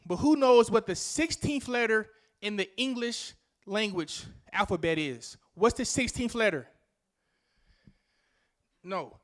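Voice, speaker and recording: A man's voice: sits high, a bit bright. A man giving a rousing motivational speech at a conference, calling out questions to the audience and repeating key phrases. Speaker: conference speaker. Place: conference venue before a live audience.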